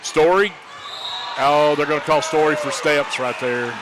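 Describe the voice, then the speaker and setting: A man calling high school basketball play-by-play, rapid-fire, rising to shouts on big plays. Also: background noise. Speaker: play-by-play announcer.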